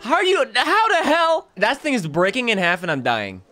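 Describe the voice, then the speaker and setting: Excitable young man streaming a game. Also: very high-pitched, soft background music. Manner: excitable, joking and profane, quick laughter. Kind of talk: live let's-play commentary.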